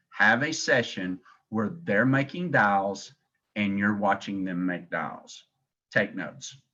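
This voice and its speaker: A man with a Southern accent runs a sales training call, his voice sitting low and pressing each point again and again. He speaks like a motivated director rallying new agents. The sound is dull and lo-fi, as if carried over a call. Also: a bit bright. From Tennessee, US. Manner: motivational, emphatic and repetitive. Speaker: agency director.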